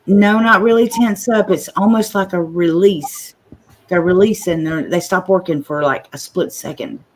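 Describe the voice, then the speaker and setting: A woman's voice: on the low side, normal speed, slight background noise. Chatty woman host, livestream chat, a slight stutter.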